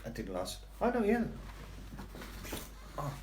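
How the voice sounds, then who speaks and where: A man's voice: a little high, huge pitch swings, a little slow, a little mellow, roomy sound, slight background noise. A man rambling casually to his viewers and his cat on a live stream from home. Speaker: vlogger.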